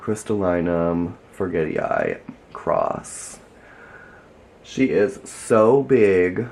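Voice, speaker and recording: A man's voice: low voice, big pitch swings, very slow, creaky, pauses often, darkish tone, slight background noise. A man giving a casual tour of his houseplants at home, gushing and chatty, with lots of "like" in his speech. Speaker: plant vlogger.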